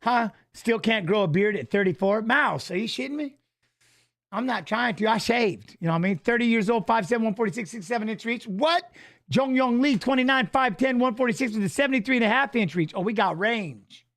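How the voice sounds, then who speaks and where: A man's voice: very high voice, lively intonation, brisk, a bit bright. A man co-hosting a fight watch-along stream, chatting loosely and jokingly, reading viewer comments aloud and swearing casually. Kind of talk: casual live-stream chat.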